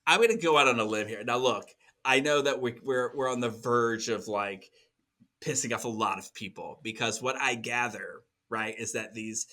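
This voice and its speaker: A man's voice: mid-range voice, moderate pace, pushed and bright. A man co-hosting a podcast in casual chat, rambling with frequent restarts and laughs. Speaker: podcast co-host.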